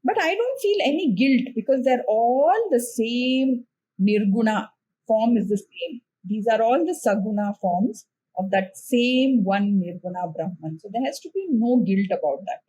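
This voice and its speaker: A woman with an Indian English accent, a spiritual teacher and podcast guest, explaining practice patiently and slowing down gently when giving instructions. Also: a little high, lively intonation, a little hiss or hum. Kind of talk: calm explanatory conversation.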